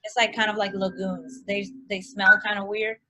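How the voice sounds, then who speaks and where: A woman telling a personal story as a guest in a casual chat, animated, full of likes and restarts. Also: medium pitch, moderate pace, crowd noise, rough recording.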